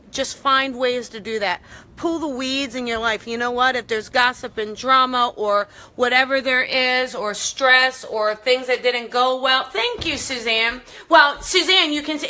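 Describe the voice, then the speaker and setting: A woman's voice: high voice, pushed and bright. A woman hosting a casual live stream, chatting upbeat with viewers while she walks from her home out to her backyard garden. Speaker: host.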